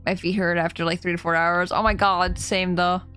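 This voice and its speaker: A woman's voice: lowish voice, level tone, moderate pace, a bit bright, soft background music. A young woman in casual live-stream commentary, giggly and chatty, easily startled as she plays. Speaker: game streamer.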